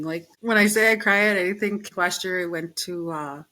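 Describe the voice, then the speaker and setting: A middle-aged woman with a slightly low voice, talking as a podcast guest. She tells stories in a relaxed, chatty way and acts out what she and others said. She uses plenty of fillers and laughs easily. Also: normal speed, rough recording. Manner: animated storytelling, acts out her own quotes. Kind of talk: casual interview chat.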